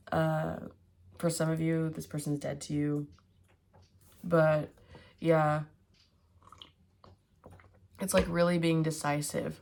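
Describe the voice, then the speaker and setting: Woman, low voice, casual tarot reading, hums and muses as she thinks, faint hiss behind. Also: level tone, slow pace, creaky, pauses often, a little mellow. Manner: musing aloud, thinking in hums and fillers. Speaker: tarot reader.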